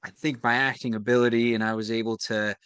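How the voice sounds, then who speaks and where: A man's voice: mid-range voice, level tone, fast talker, fairly bright tone, clear, resonant tone, no echo. A young American man, an actor, talking through his work in a casual interview, reflective and searching for words. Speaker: actor guest.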